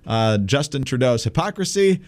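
A man's voice: mid-range voice, very animated, normal speed, darkish tone. Dry, sarcastic male co-host. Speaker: podcast co-host. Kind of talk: casual political commentary.

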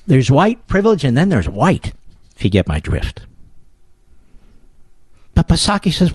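Animated, sarcastic talk radio man. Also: fairly high pitch, a little slow, long pauses, husky, dry recording, studio quality. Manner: sarcastic, combative, mocking. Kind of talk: political talk radio monologue.

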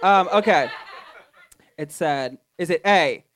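A woman's voice: on the low side, animated, slow pace, slight background noise. A woman hosting a live podcast show on stage, playful and giggly, often laughing at herself. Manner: playful, giggly, self-deprecating. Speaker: podcast host. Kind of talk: live podcast chat with guests. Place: small theater stage, live audience.

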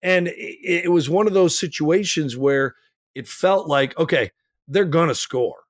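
A man co-hosting a soccer podcast, talking through a match in casual chat and getting animated when he makes a point. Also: unhurried, no echo, studio quality. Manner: animated, rises in pitch when making a point.

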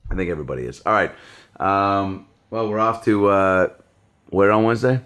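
A man hosting a podcast, chatting casually with profane, joking, animated storytelling. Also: deep voice, moderate pace, smooth. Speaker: podcast host. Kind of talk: casual chat.

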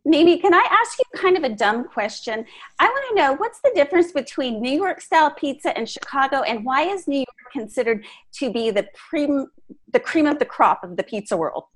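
A woman's voice: high voice, sing-song, moderate pace. A woman co-hosting a show, asking curious, earnest questions in a casual interview. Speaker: show co-host.

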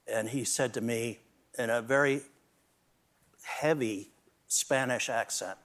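A man's voice: medium pitch, takes it slowly, long pauses, fairly bright tone. An older man, a drummer guest on a talk show, telling band stories with many restarts and fillers. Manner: rambling anecdotes with many restarts and laughs. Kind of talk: storytelling in a talk-show interview.

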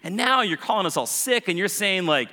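A preacher puts on a stung, defensive tax collector whose voice jumps high as he protests being called sick. The bright, lively voice rings through an echoey hall. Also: full character voice. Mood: indignant. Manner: protesting, rapid questions.

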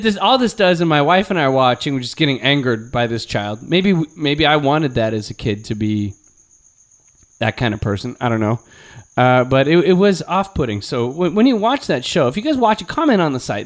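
A man from the Chicago area hosting a comedy podcast, telling stories in a casual chat and slipping into mocking voices. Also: a little high. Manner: animated storyteller who slips into mocking voices. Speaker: podcast host.

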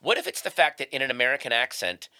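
A man's voice: mid-range voice, big pitch swings, fast talker, pushed and bright, no room sound. A man co-hosting a podcast in casual chat, riffing with wry jokes. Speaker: podcast co-host.

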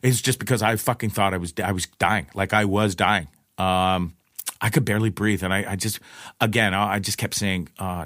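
A man telling a personal story in casual, profane speech, with lots of restarts and an animated delivery. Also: normal speed, dry recording, clean studio sound. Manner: profane, rambling, restarts often; animated retelling, pitch jumps in quoted lines.

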